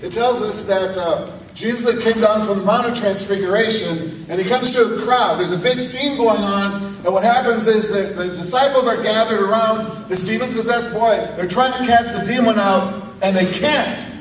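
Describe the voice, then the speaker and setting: A pastor with a high-pitched voice preaches a sermon, calling on the congregation to answer back and swinging between loud outbursts and quiet, hushed questions. He is heard from some distance in an echoey chapel. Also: normal speed, slight background noise. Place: church chapel. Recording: echoey room picked up from a distance.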